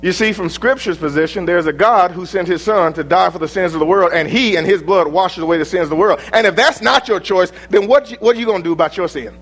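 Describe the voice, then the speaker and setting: A man preaching a sermon to young people, emphatic, firing rhetorical questions and shouting out quoted verses. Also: high-pitched, quick pace, hardly any pauses.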